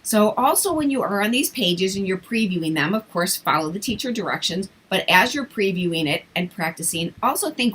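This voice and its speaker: A woman with a bright, forward voice talks casually through her advice for online English teachers. She slows right down to sound out simple words clearly, the way she would for small children. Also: mid-range voice, lively intonation, poor audio. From English-speaking country. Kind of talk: casual teaching tips vlog.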